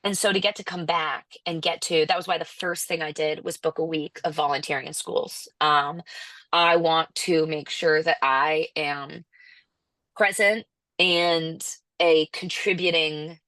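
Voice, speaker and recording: A woman's voice: sits low, a little slow, no room sound. A young woman with an American accent, a musician guest chatting in an interview, acting out other people's lines in playful voices. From United States. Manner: animated, acts out quoted people in playful voices. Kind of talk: casual interview chat.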